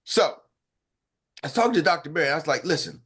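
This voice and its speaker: A man hosting a morning sales-training call as coach, talking in an animated, hyped and slangy way with quick asides. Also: on the high side, husky. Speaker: sales coach and show host. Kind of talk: energetic motivational team talk.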